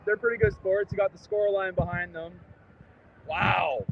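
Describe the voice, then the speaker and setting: A man calling in from outside a stadium, hoarse from shouting, talking in an excited, rambling and slightly tipsy way. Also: sits high, moderate pace. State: hoarse, lost his voice. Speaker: fan calling in as a guest. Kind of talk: casual chat. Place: outdoors at a stadium. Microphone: phone call. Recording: noisy lo-fi phone line from outside.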